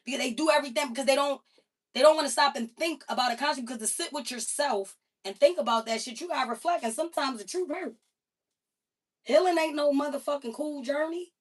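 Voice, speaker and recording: A woman with a high voice holds forth on her livestream in a loose, profane, animated rant. She sits a step away from the microphone, so her voice comes across slightly distant. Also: fast talker. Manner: emphatic, heavily profane, animated storytelling. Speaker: livestream host. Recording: voice a bit far from the mic.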